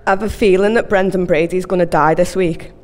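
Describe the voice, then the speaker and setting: A woman's voice: lowish voice, fairly even intonation, brisk, a little mellow. A woman performing spoken word live, a rambling, anxious, repetitive monologue. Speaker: poet. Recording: long hall reverb.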